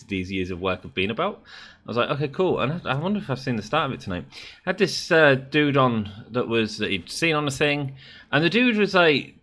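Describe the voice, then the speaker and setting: A man's voice: mid-range voice, pushed and bright. A man talking casually over a game he is playing, thinking aloud and rambling with lots of fillers. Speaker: gaming YouTuber. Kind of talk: casual gameplay commentary.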